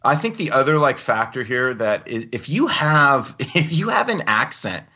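A laid-back man co-hosts a podcast in casual chat, his voice swinging widely up and down. His tone is bright and forward, and the recording sounds dull and lo-fi. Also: medium pitch, moderate pace. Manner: laid-back, says "dude" a lot, animated. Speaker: podcast co-host.

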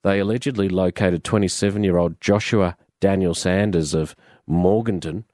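A man's voice: low-pitched, steady tone, moderate pace, a little mellow, dry recording, studio quality. A man hosting a radio show, joking and chatting with callers and co-hosts. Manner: wry, joking. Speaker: radio host. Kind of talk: casual radio banter.

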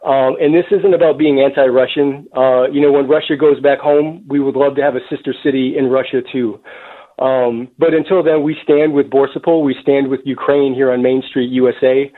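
A man who is a town mayor, speaking earnestly as a phone-in guest on a radio show, with many fillers. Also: mid-range voice. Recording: tinny phone line.

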